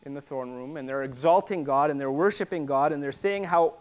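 A man preaching a sermon, explaining in a teaching way and repeating words for emphasis, sometimes rising to forceful declarations. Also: fairly high pitch, fairly quick.

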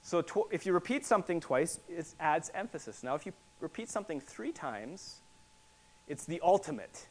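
A man preaching a sermon, explaining in a teaching way and repeating words for emphasis, sometimes rising to forceful declarations. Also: a little high, lively intonation, moderate pace.

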